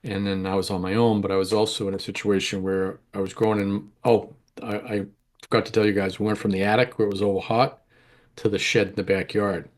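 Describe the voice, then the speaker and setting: Candid middle-aged man, low voice. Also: little pitch movement, brisk. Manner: rambling, candid, self-correcting. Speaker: interview guest, home grower. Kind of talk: casual storytelling interview.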